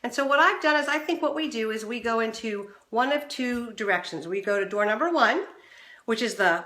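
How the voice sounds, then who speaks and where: A woman's voice: brisk, roomy sound. A middle-aged woman hosting a relationship advice show, talking straight to the viewer and acting out the voices she quotes. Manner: animated, acts out quoted voices with big pitch swings. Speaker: relationship coach and show host. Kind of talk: direct-to-camera advice talk.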